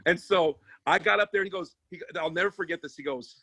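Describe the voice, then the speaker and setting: A man who works as a sports agent and comedian, telling stories in casual chat, animated and profane, with many restarts. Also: a little high, fairly quick, few pauses, breathy edge, no echo.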